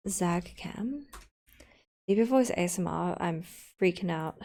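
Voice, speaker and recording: Her voice is mid-range, creaky, and darkish in tone. She's a streamer chatting casually with her audience as she edits a video, explaining every step and throwing in playful asides.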